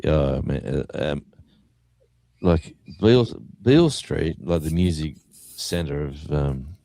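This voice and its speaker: Very deep-voiced Australian man. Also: takes it slowly, vocal fry, no room sound. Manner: animated storyteller acting out quotes. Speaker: guest musician. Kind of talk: casual anecdote storytelling.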